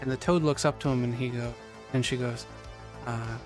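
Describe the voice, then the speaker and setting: A man co-hosting a podcast, wisecracking and telling a joke with animated delivery. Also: medium pitch, moderate pace, soft background music. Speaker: podcast co-host. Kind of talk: casual chat, telling a joke.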